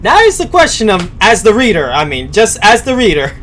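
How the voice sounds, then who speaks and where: A man's voice: high-pitched, wildly swooping pitch, fairly quick, fairly bright tone. A man giving casual live-stream commentary as he reacts to a story, rambling and hesitant with many fillers.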